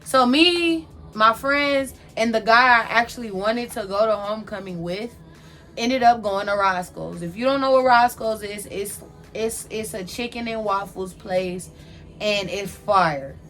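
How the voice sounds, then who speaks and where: A woman's voice: mid-range voice, measured pace, a bit bright. Young woman, casual storytime, slangy, candid, faint background music. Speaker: vlogger telling a personal story.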